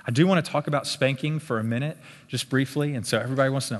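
A man giving a conversational live talk at a church parenting workshop, often checking in with his listeners with a quick "okay?". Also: mid-range voice. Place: meeting room with tables. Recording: long hall reverb in a big room.

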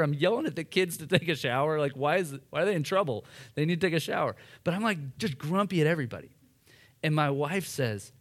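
A man in his thirties preaches to a church, mixing scripture with a funny, self-deprecating family story. His voice sits a little high and he talks in a relaxed, conversational way. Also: moderate pace. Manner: casual, animated storytelling with self-deprecating humor. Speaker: pastor. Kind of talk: sermon with personal story. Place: church hall.

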